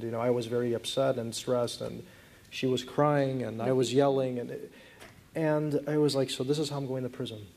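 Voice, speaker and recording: A man's voice: mid-range voice, darkish tone. Earnest man telling a story at a conference. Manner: earnest, halting storytelling with many restarts. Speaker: interview guest. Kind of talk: conference interview on stage.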